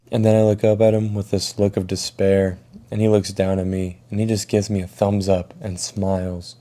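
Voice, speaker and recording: A young man telling a school story in a casual, profane, animated way. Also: fairly low pitch, normal speed. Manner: casual, swears a lot, animated retelling. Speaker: vlogger.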